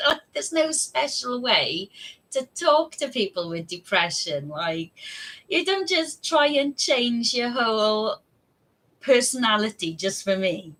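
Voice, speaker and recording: A woman's voice: on the high side, very animated, slow, long pauses, sharp tone, poor audio. A woman, telling her own story on a live stream in a chatty, candid way. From United Kingdom. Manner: chatty and candid, with frequent fillers and laughs.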